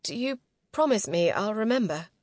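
A woman's voice: medium pitch, expressive, moderate pace, darkish tone, no room sound, lightly acted. A woman voicing a shaken young woman held captive, asking tense, pleading questions in a storybook reading.

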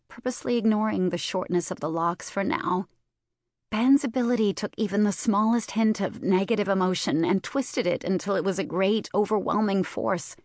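A woman reads a first-person novel aloud in a low-pitched, measured voice. Her storytelling is steady and controlled. The recording is dry and close, with no room sound. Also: no room sound. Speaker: audiobook narrator. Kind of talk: first-person fiction narration.

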